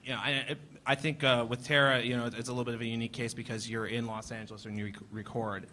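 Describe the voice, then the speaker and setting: Bright-voiced male panel moderator. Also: medium pitch, little pitch movement, fast talker. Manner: hesitant, restarts often. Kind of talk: convention panel questions.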